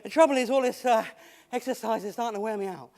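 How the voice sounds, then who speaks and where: A man's voice: high-pitched, quick pace, darkish tone. A man playing a cheerful once-lame man in a comic theatrical monologue, stammering and chuckling as he tells his tale. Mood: chatty, comic. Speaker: actor in a monologue.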